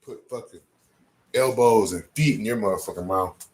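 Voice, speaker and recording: A man's voice: fairly low pitch, normal speed. A man doing rambling livestream banter, crude and trash-talking, answering his chat. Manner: sings off-key bursts of a ballad.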